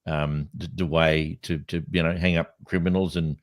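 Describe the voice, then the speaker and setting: A man co-hosting a podcast, telling stories in a lively, animated way with frequent restarts. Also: rumbling low, moderate pace, no room sound, studio quality. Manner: animated storyteller, many restarts. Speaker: podcast co-host. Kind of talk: casual chat. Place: studio.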